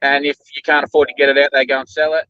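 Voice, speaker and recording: An Australian man chatting easily as a guest and explaining things calmly. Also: mid-range voice, racing, clean tone, no room sound, dull audio. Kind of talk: casual chat.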